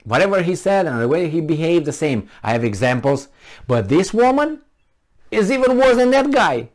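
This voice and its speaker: A man's voice: a little high, big pitch swings, normal speed. A man vlogging in a casual, rambling way, sarcastic and mocking, a little tipsy from wine. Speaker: political vlogger.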